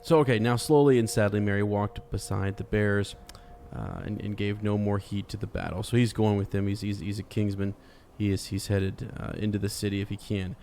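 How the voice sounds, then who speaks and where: A man co-hosting a podcast, chatting casually about a book, halting with many restarts. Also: fairly low pitch, little pitch movement, darkish tone, slight background noise. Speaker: podcast co-host. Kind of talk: casual book discussion chat.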